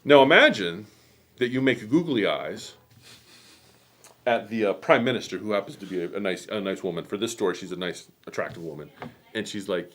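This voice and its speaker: A man hosting a quilt shop stream, telling a history story in a rambling, animated way with many fillers and asides. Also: on the low side, brisk. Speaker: host.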